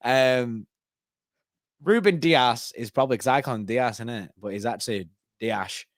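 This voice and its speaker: A man's voice: medium pitch, normal speed, dry recording, studio quality. A young man, co-hosting a casual fan live stream and laughing often. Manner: animated, laughs often, lively bursts. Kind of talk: casual chat.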